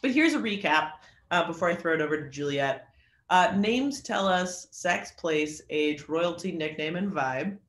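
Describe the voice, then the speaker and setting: A man's voice: fairly high pitch, expressive, measured pace, a bit bright, roomy sound. A man teaching an online creative writing class, chatty and joking, with lots of fillers. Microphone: video call.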